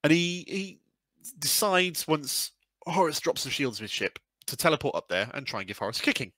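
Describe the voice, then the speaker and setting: A man's voice: fairly high pitch, very animated, brisk, pushed and bright, no room sound. A man co-hosting a casual podcast, telling a sweary, rambling story. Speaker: podcast co-host. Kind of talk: casual lore chat.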